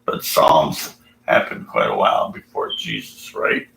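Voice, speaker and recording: A man's voice: rumbling low, unhurried, vocal fry, a bit bright, roomy sound, a little hiss or hum, rough recording. A man ranting sarcastically and profanely while reading scripture aloud. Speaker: atheist video commentator.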